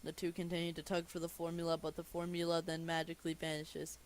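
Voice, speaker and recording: A young man with a high voice reads a cartoon movie script aloud for laughs, talking fast in a completely flat delivery over a little hiss or hum. Amused, he keeps stumbling, restarting, and interrupting himself to comment on the text.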